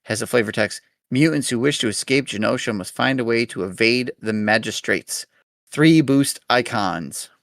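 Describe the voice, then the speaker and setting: A man's voice: medium pitch, normal speed, fairly bright tone, no room sound. A man hosting a podcast, easygoing and chatty, reading game cards aloud and thinking aloud. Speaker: podcast host.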